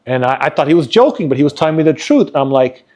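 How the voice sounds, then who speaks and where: A man's voice: fairly high pitch, very animated, quick pace, darkish tone. A man co-hosting a podcast, telling personal stories in an earnest, motivational way. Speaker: podcast co-host. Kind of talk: casual podcast chat.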